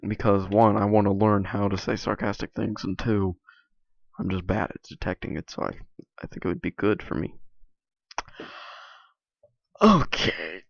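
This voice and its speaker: A man's voice: fairly low pitch, flat delivery, a little fast, vocal fry, darkish tone, no echo. Young male vlogger, hesitant and filler-heavy, tired sore voice, lo-fi recording. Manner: hesitant, many restarts and "like" fillers. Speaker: YouTuber. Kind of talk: casual rambling vlog monologue.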